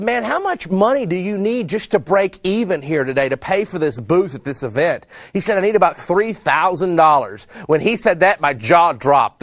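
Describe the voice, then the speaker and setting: A man's voice: on the high side, dry recording. A middle-aged man from Texas, a sales trainer, telling stories about selling and acting out the dialogue. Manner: animated storyteller, acts out dialogue. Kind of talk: storytelling sales talk.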